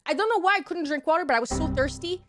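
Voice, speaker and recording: A young woman streamer casually telling a story to her chat, acting out the quoted lines in squeaky high voices. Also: racing, music in the background.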